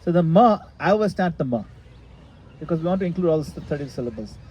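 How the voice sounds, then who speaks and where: A man leading a retreat session, explaining a practice in a relaxed, casual way and sometimes laughing at his own jokes. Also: a little high, quick pace, poor audio. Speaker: retreat leader answering questions. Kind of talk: casual teaching in a group session. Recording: faint background noise.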